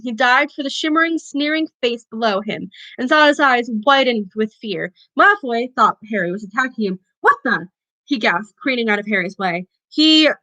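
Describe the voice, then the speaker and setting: A woman's voice: high voice, bright, forceful tone, low-quality recording. A woman reading a novel aloud for a book club, stumbling and correcting herself as she goes. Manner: reads with slips and self-corrections.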